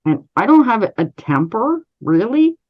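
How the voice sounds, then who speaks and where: A Canadian woman, an interview guest, recounting a personal story in a measured, steady way with frequent restarts. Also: on the high side, highs cut off.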